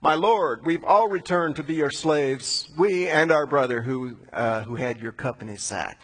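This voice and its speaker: A desperate older brother pleads for mercy, his voice climbing high and strained, as a husky-voiced preacher acts him out. He begs in anguish, pushing his voice up and out. The tone stays raspy and breathy throughout. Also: unhurried. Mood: desperate pleading. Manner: begging, anguished, raised voice.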